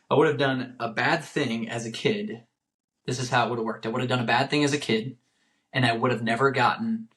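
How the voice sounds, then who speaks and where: A man's voice: medium pitch, fairly bright tone. A young man hosting a solo motivational podcast. He talks earnestly and repeats phrases for emphasis. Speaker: podcast host.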